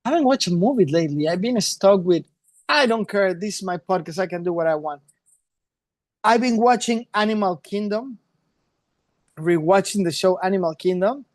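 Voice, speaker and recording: A man's voice: sits high, lively intonation, normal speed, dry recording. Rambling podcast co-host man, dry sound. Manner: loose, rambling, playful, switches into Spanish. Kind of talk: casual chat.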